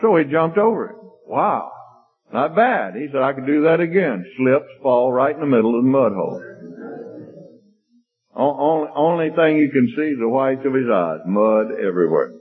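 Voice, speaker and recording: A man's voice: medium pitch, animated, moderate pace. A man preaching a sermon with an emphatic, repetitive cadence, telling a homespun story and then leading a prayer. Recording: husky voice over tinny phone-like line with faint music.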